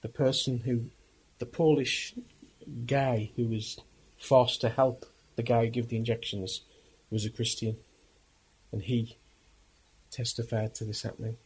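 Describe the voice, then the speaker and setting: A man preaching through a dramatic story. He speaks earnestly and with emphasis, pausing and restarting as he goes. His voice is husky. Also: mid-range voice, flat delivery, rough recording.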